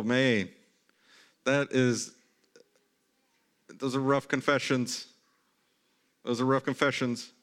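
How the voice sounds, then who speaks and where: A man in his thirties preaches to his congregation in a relaxed, conversational way. His voice sits at an ordinary middle pitch, and he slips into animated, mock-incredulous asides to make his points. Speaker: pastor. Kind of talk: sermon. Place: church sanctuary.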